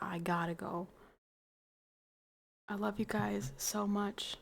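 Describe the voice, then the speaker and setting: Woman, young adult, livestream host, tipsy, rambling, playful, husky, slow-talking. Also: mid-range voice, flat delivery. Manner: rambling, playful, trails into soft mumbles. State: tipsy from wine. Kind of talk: casual chat to stream viewers.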